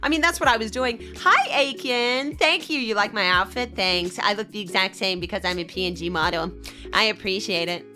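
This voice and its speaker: A woman's voice: medium pitch, animated, normal speed, pushed and bright, soft background music. A young Australian woman streaming, chatting casually and giggly with her viewers. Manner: bubbly, giggly, chats with viewers. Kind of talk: casual livestream chat.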